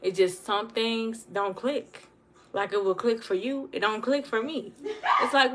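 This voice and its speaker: A woman talking fast and earnestly in a casual livestream monologue, repeating herself for emphasis. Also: a little high, very noisy. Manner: fast talker. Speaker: livestream host.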